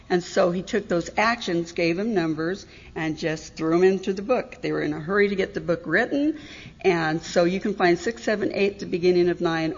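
Middle-aged woman, frank and self-mocking meeting speaker, dull recording with long hall reverb. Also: on the low side. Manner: candid, wry, self-deprecating, laughs often. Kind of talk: personal testimony talk.

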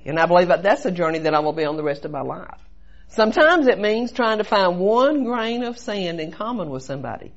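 Earnest woman sharing her story. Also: on the low side. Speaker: recovery meeting speaker. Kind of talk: personal testimony share. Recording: dull lo-fi recording.

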